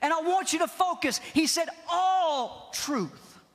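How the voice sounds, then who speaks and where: A man preaching a Pentecostal sermon, impassioned, repeating key phrases and shouting at the peaks. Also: very high-pitched, slow pace. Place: large church hall. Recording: long hall reverb.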